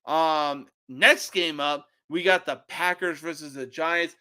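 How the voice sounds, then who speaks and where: A young man hosting a sports podcast, giving profane, opinionated game picks that burst into shouting rants. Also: a little high, fairly even intonation, slow, hardly any pauses.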